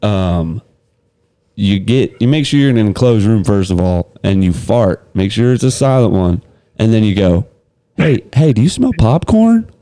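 A man on a casual podcast chat, setting up crude jokes in a deadpan way. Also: on the low side, normal speed, clear, resonant tone. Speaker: podcast co-host.

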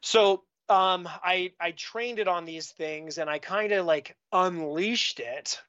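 A Canadian man appears as a podcast guest, chatting casually about his work and telling rambling stories full of fillers and restarts. His voice sits high and sounds a bit bright with a clean tone, and he speaks slowly. The recording itself is muffled.

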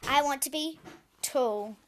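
A woman's voice: high-pitched, takes it slowly, fairly bright tone, a little hiss or hum. A woman voicing an earnest little princess who keeps asking questions.

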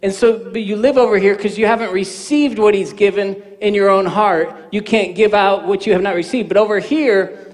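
Pastor, male, fifties, high voice; animated sermon storyteller in a long-reverb sanctuary. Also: normal speed. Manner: animated, acts out dialogue in quoted voices. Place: church sanctuary. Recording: reverberant church hall.

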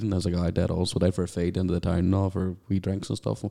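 A man's voice: sits low, flat delivery, rapid-fire, creaky, dark tone. A man telling crude comic stories as a podcast guest, swearing and laughing as he talks. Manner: swearing, laughing through his own stories. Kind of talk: crude comedic storytelling.

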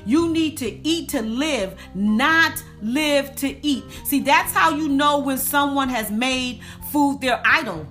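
A woman's voice: high-pitched, pushed and bright, faint music behind. A woman giving a preaching-style wellness talk, calling her listeners y'all and repeating lines for emphasis. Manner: repeats lines for emphasis, slow drawn-out punch words. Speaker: faith and wellness speaker.

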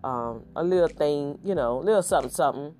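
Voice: medium pitch, animated, brisk, a little mellow. A middle-aged podcast host giving a casual, exuberant and folksy monologue full of repeated catchphrases.

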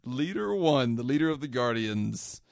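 Gravelly, animated male podcast host. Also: mid-range voice, normal speed, dry recording, clean studio sound. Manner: joking, quiz-asking. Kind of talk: casual chat.

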